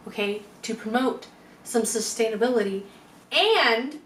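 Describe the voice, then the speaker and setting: A woman's voice: fairly high pitch, fairly bright tone, far from the mic, slight background noise. A woman chatting casually to camera as a lifestyle vlogger, rambling with playful asides. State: out of breath. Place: room at home. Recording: echoey room from afar with faint music.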